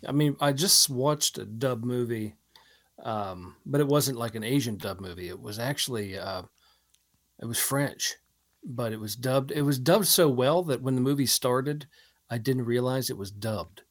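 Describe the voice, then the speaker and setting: A man's voice: medium pitch, unhurried. A man co-hosting a podcast in casual chat, laid-back and telling stories with some fillers. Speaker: podcast co-host.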